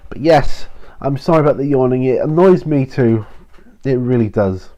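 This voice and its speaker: A man's voice: medium pitch, unhurried, warm tone, dull audio. A tired man hosting a casual question-and-answer video, rambling with many ums and restarts. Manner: rambling, self-interrupting, frequent ums and sighs. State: tired, prone to yawning. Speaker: channel host answering viewer questions.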